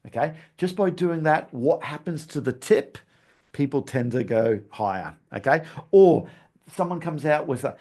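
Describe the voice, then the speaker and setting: In this podcast recap, the male host speaks at a moderate pace, his medium, slightly mellow voice swinging widely in pitch. He coaches in a chatty way, tags "okay?" onto his points, and laughs off his stumbles.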